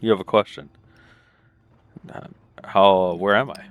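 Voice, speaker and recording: Deep-voiced laid-back man reading game text. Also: fairly even intonation, measured pace, long pauses. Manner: laid-back, muttering asides between reading. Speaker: let's play gamer. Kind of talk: casual commentary reading game text aloud.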